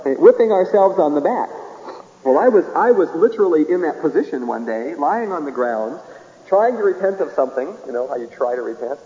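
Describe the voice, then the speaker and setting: A man's voice: on the high side, expressive, brisk, mellow, in a large hall, dull audio. A man preaching a sermon in a folksy way, chuckling often and acting out little dialogues.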